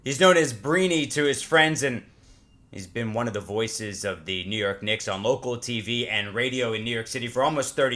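A man's voice: medium pitch, pushed and bright. A man hosting a podcast, narrating a scripted introduction. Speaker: podcast host.

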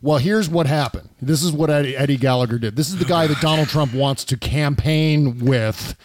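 A man's voice: on the high side, normal speed, slight background noise. A man hosting a podcast in casual political chat, blunt and profane, with frequent filler "uh". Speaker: podcast host.

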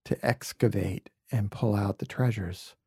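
A man from Brooklyn, a podcast guest, telling reflective personal stories in an earnest, heartfelt way, sometimes dropping to a soft near-whisper. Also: lowish voice, unhurried, gravelly, husky, no room sound, clean studio sound. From Brooklyn, USA. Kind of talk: earnest conversational storytelling.

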